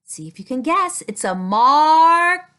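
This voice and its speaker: A woman who works as a speech-language pathologist teaches a speech sound to little children with toys. She talks slowly, lengthens her sounds, and has a high, sing-song voice with a sharp edge.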